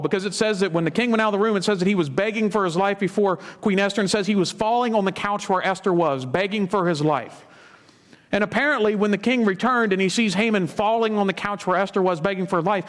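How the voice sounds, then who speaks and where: A male pastor delivers a sermon in a fairly high voice. He retells the Bible story dramatically and drops in casual, conversational asides along the way.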